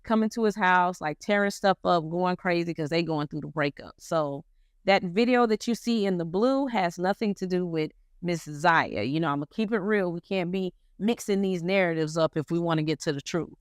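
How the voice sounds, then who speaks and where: A woman's voice: on the low side, moderate pace, clear, resonant tone, no room sound, clean studio sound. A woman casually retelling a story in slangy commentary, acting out the quotes as she goes. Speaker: commentary host.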